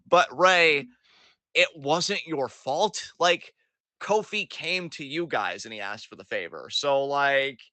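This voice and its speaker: A man with a medium-pitched, bright, forceful voice co-hosts a casual wrestling recap podcast, recorded with no echo. He swears freely and sarcastically acts out what the wrestlers said.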